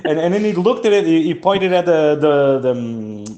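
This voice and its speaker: A man leads a conversation lesson in a lively voice that rises and falls a lot. He stammers and repeats words often, slightly above the usual pitch for a man. An echoey room surrounds him. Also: moderate pace, lo-fi sound. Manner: stammering repetitions. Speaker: English teacher.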